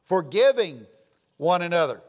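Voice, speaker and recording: A man's voice: high-pitched, big pitch swings, a little slow. A man preaching a sermon, folksy and storytelling, rising and falling for emphasis.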